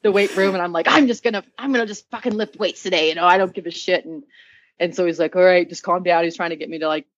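A woman telling an animated story in casual chat, swearing a lot and laughing often. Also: on the low side, fast, no room sound. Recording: dull, dry sound.

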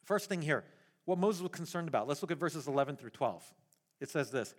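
A male pastor preaching a sermon in an animated way, often repeating words as he goes. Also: a little high, brisk.

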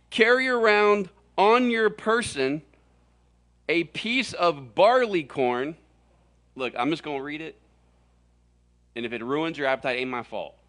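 A middle-aged man from Florida gives a comic sermon to a roomful of listeners. His voice sits a little high and rings bright and forceful, and he tells stories with lively, joking energy. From Florida, USA. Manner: animated, jokey storytelling with sudden exaggerated voices. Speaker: preacher. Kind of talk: humorous sermon. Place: large room with audience.

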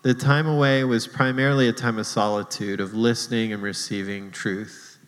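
A man's voice: on the low side, fairly even intonation, normal speed, big-room sound, rough recording. A man preaching a sermon as pastor, casual and self-deprecating, laughing often between points.

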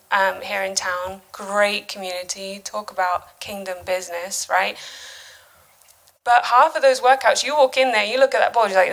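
Woman in her 30s, conversational church talk, lightly gravelly voice, mid pitch. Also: poor audio. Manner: chatty and animated, with many fillers and asides. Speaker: speaker at a church. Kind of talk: casual sermon.

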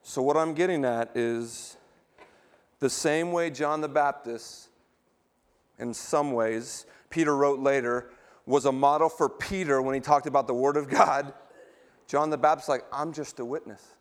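A man's voice: mid-range voice, fairly even intonation, measured pace, clean tone. A middle-aged male pastor preaching a sermon, emphatic and quizzing the congregation with questions as he reads scripture.

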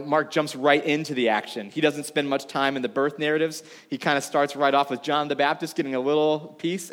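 Animated man preaching in a reverberant hall. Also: a little high. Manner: casual, conversational, animated with asides and laughs. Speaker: pastor. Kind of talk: sermon. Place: church room before a congregation.

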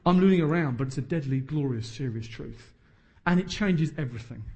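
Animated preacher in his thirties. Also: fairly high pitch, brisk. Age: 30s. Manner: emphatic, joking asides. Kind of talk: sermon.

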